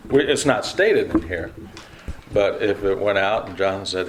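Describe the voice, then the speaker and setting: A man's voice: lowish voice, moderate pace, a little hiss or hum. A man teaching an adult Bible class in a classroom, talking casually and asking the class questions. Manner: conversational, asks the class questions. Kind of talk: leading an adult Bible study.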